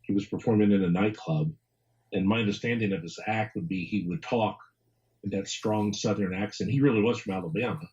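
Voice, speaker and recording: A man's voice: lowish voice, fairly quick, darkish tone, highs cut off. A man being interviewed as an author and historian, talking casually, rambling, repeating words and chuckling often.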